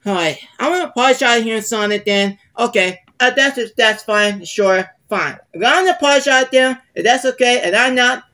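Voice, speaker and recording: A woman's voice: fairly high pitch, moderate pace, few pauses, sharp tone. Woman doing a sulky hot-tempered character. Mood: grudging. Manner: rambling, irritable, grumbling. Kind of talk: fan plush-toy video acting.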